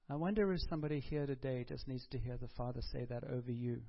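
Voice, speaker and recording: A man's voice: medium pitch, steady tone, quick pace, vocal fry, few pauses, highs cut off. A man preaching a sermon in a conversational way, putting questions to the congregation and taking their answers. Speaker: pastor.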